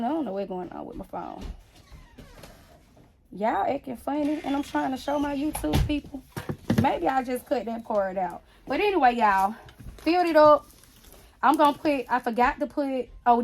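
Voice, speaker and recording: Casual woman vlogger with a high voice, blunt and chatty, narrating her craft work to viewers. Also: a little mellow. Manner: rambling, talks straight to viewers with frequent "y'all"; blunt, sassy asides. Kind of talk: casual chat while working on a basket.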